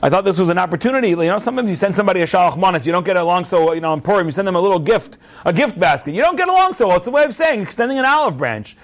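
A man's voice: high voice, expressive, rapid-fire, few pauses, pitched below the performer's own voice. A man voicing a humiliated guest who begs not to be thrown out. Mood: pleading. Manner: pleading, embarrassed. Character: humiliated man pleading to stay.

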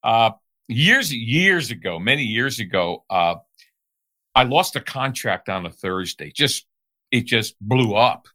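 A man, a sales trainer and interview guest, telling an emphatic story in an animated way. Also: medium pitch, slow pace.

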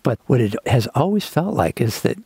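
A man's voice: mid-range voice, very animated, normal speed, gravelly, mellow, slightly rough, no echo. A man co-hosting a faith podcast, reflective and candid, thinking aloud about his questions. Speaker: co-host. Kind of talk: conversational podcast talk.

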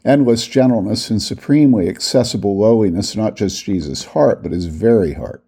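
Gravelly-voiced man reading a critique. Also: mid-range voice, mellow. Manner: reads quotations slowly and deliberately, voicing each quote mark. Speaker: book critic. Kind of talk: read critique of a theology book.

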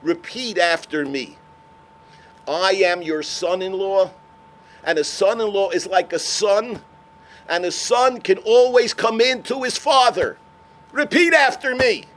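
A man voicing a revered elderly sage in a sermon story, speaking slowly and loudly in pleading prayer. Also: high-pitched. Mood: instructing. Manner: loud, slow, impassioned pleading prayer.

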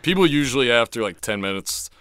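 A man in his twenties with an unusually deep voice, answering interview questions in a hesitant, reflective way. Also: expressive, fast, fairly bright tone, no echo, clean studio sound. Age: 20s.

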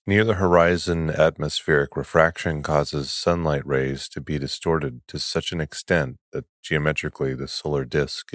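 A man hosting a sleep podcast, reading an article slowly in a soft, calm, soothing voice. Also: no echo, studio quality. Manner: soft, slow and calm, drifting lower and quieter. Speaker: podcast host.

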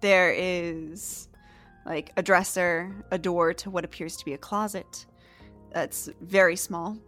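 A woman's voice: on the low side, steady tone, slow pace, fairly bright tone, faint music behind. A woman narrating as game master, describing scenes in a playful way with lots of fillers.

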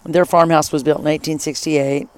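A middle-aged former high school teacher telling a travel story in casual chat, lively and enthusiastic, with many asides. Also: normal speed, clean tone.

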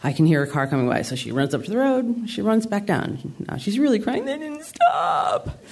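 Husky, darkish, and low-pitched, this sing-song voice moves at a brisk pace. It belongs to a woman in her sixties from the New York Adirondacks, who tells a self-deprecating comic story live before a theater audience.

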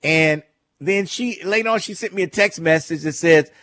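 Man, radio host, chatty, amused, fairly high voice, dry close studio sound. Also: moderate pace, a bit bright, no room sound. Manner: chatty storytelling, amused, repeats phone number. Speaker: radio talk show host. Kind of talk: casual call-in radio talk.

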